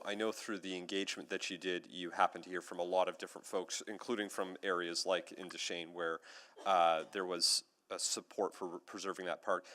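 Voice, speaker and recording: Man, city councillor at a hearing. Very low voice, friendly, hesitant, repeats himself. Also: fairly bright tone. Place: council chamber.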